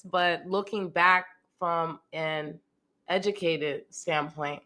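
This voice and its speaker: A woman with a slightly low voice answers interview questions candidly. She speaks haltingly, searches for her words and breaks into laughter now and then. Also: steady tone, sharp tone. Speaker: guest.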